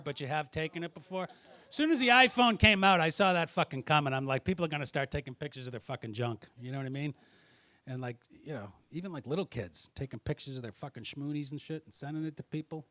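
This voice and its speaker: A man doing stand-up comedy with crowd work, swearing constantly and swinging from muttered asides to loud angry outbursts. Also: fairly high pitch.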